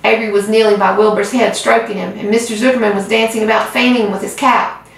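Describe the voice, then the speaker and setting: A woman who hosts a reading channel, reading a children's book aloud with gentle storytelling. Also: mid-range voice, steady tone, quick pace, vocal fry. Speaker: reader. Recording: roomy, far from mic.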